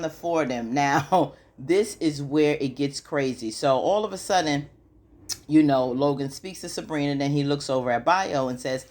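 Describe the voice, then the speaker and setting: A woman giving a chatty, casual recap of a TV episode, with lots of "you know" fillers and questions to her audience. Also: low voice. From United States. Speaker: TV recap YouTuber.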